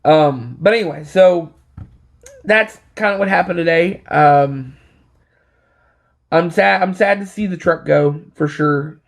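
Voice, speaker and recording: A man's voice: a little high, takes it slowly, vocal fry, pauses often. A man telling a casual story on his vlog, rambling with many fillers and restarts, a little short of breath. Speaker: vlogger.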